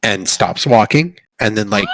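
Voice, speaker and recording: A man's voice: on the low side, animated, unhurried, no echo. A man narrating as dungeon master for a tabletop game, rambling and playful as he describes the scene. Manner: loose, rambling narration with playful quoted voices.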